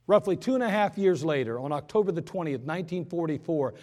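A man preaching an impassioned sermon in a church, swinging between loud urgent pleas and quiet hushed moments. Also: on the high side, animated, fast talker, in a large hall. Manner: impassioned preaching, rising and falling in force. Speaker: pastor.

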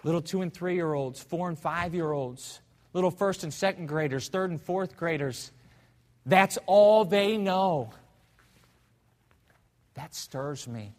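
A man's voice: fairly high pitch, slow, long pauses. Fervent man preaching in echoey hall. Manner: fervent storytelling, swings between loud and hushed. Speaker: pastor. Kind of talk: sermon. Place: church sanctuary.

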